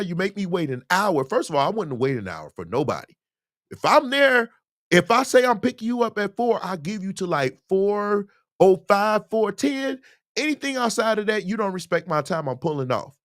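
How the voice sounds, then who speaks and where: A man's voice: high-pitched, normal speed, dry recording, clean studio sound. A man hosting a casual Q&A livestream, talking emphatically and animatedly about music and dating. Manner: animated, emphatic, preachy asides. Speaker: host, musician.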